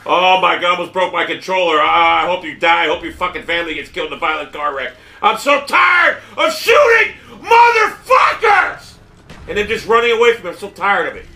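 A man gaming, swearing and raging at a shooter, muttering low one moment and yelling the next. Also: racing, gravelly, hardly any pauses, a little hiss or hum. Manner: profane, swings between muttering and yelling. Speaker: gamer. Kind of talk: raging gameplay commentary.

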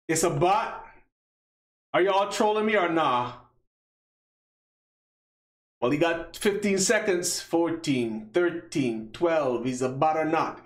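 A man with a slightly high voice, sounding reverberant, streams a mobile game live. He chats casually and playfully with slang while running giveaways and stretching out countdowns.

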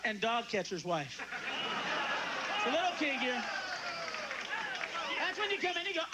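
A man performs stand-up, shifting from quick asides into sudden screaming tirades. His voice sits very high and swings widely, with heavy noise underneath the recording. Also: big pitch swings, creaky, a loud crowd. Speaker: stand-up comedian. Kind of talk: live stand-up routine. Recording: noisy live recording.

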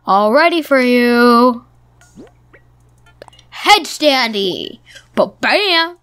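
High-voiced, excitable woman gamer. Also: very slow, smooth. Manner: excitable, talks to game characters. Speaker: let's play host. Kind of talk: casual gameplay commentary. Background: faint game music.

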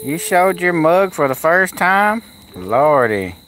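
Man, folksy live-streamer, slightly high pitch; outdoors with crickets and dogs behind. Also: big pitch swings, slow pace, fairly bright tone, a little hiss or hum. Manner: folksy, coos at animals and answers chat. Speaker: kennel owner live-streaming. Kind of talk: casual live-stream chat. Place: outdoors at a kennel.

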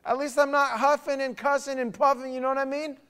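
A man's voice: very high voice, little pitch movement, fast talker, a bit bright. A man leading a church Bible study in a casual, conversational way, often restarting and asking the group questions.

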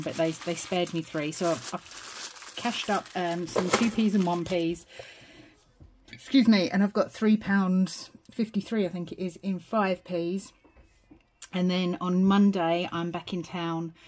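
A woman's voice: on the low side, fairly even intonation, a little slow, background noise. A young British woman chatting casually to camera at home, rambling and a little out of breath. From United Kingdom. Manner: chatty, rambling, self-deprecating. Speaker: budgeting vlogger. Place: home, evening.

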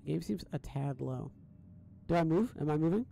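A man's voice: a little high, expressive, moderate pace, creaky, warm tone. A young man casually commenting on a game stream, rambling and thinking aloud with lots of fillers and restarts, fretting about his audio settings. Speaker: gaming streamer.

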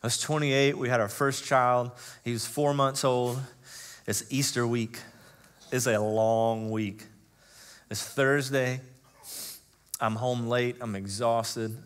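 Here a pastor in his thirties shares personal stories from the pulpit in a relaxed, filler-heavy way, going quiet at times and then rising to loud, emotional stress. He has a mid-range, steady voice with a clean tone. He speaks slowly and pauses often.

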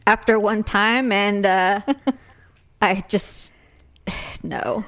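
A woman's voice: mid-range voice, fairly even intonation, drawn-out words, a bit bright. A woman co-hosting a podcast in casual chat, throwing in short, dry, bawdy quips. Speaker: podcast co-host.

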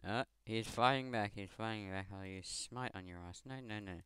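A man's voice: lowish voice, moderate pace, sharp tone, smooth, no room sound, clean studio sound. A teenage man from Scotland with a Scottish accent, giving rambling, self-mocking game commentary over a headset mic, swearing often. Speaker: gamer. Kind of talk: gameplay commentary.

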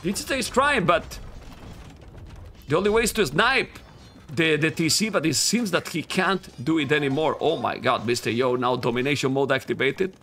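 A man with a Spanish accent, a native Spanish speaker, casting a strategy game live, excitable and talking straight to viewers. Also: fairly high pitch, normal speed, soft background music. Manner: excitable, talks to viewers as guys, bursts into yelling at players. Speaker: esports caster.

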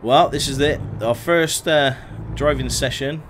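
A man's voice: mid-range voice, a little slow, fairly bright tone. A young man chatting casually as he streams a driving game, greeting viewers by name and talking through each step. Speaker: gaming streamer. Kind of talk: casual live-stream commentary. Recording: faint truck engine noise behind.

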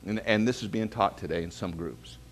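A man's voice: on the low side, a little fast, slight background noise. A man, preaching a sermon as pastor, telling stories and calling the congregation to say amen. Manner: storytelling preacher calling for amens.

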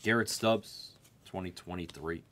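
A man's voice: low-pitched, a little slow, a bit bright, slight background noise. A man hosting a sports card break, rattling off player names and card types while chatting with viewers. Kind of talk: live card break call-outs.

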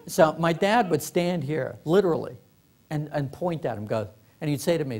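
A middle-aged man tells comic stories to a library audience, his voice set a bit high for a man. He laughs often and slips into quick acted voices for the people he quotes. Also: expressive, vocal fry. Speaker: author giving a workshop talk. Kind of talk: comic storytelling to a live audience. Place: library meeting room.

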